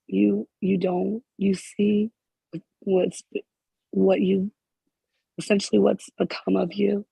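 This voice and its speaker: A spiritual healer speaking in emotional counseling to a group member, halting and repeating phrases, close to tears. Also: mid-range voice, little pitch movement, vocal fry, dark tone, husky, no room sound, poor audio.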